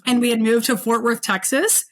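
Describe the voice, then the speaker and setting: A woman with a slightly high voice and fairly even intonation shares a personal story as a guest in a podcast interview. She's earnest and reflective, slowing down when she reaches the painful moments.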